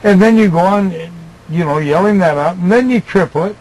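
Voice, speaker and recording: An older man coaching someone to read scripture aloud, joking and animated as he teaches. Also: sits high, a little fast, rough recording. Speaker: teacher of Bible reading aloud. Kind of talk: casual coaching chat.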